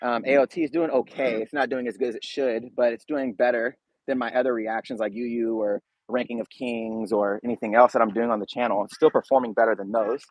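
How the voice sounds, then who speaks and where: A man's voice: mid-range voice, fairly even intonation, fairly quick, few pauses, no room sound, low-quality recording. A man hosting a casual livestream, chatting straight to viewers in a laid-back, slangy way. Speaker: YouTube reaction channel host.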